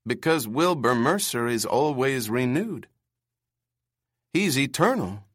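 A man reads aloud, giving a full character voice to a timid, earnest young man who stammers, pitched above his own natural voice. The delivery is medium-pitched, sing-song and slow, with a fairly bright, breathy tone. The studio sound is clean, with no echo.

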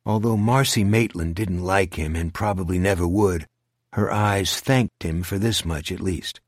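A man narrating a novel in a measured, even storytelling manner, recorded close to a studio microphone. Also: sits low, no echo. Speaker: audiobook narrator. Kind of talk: scripted narration.

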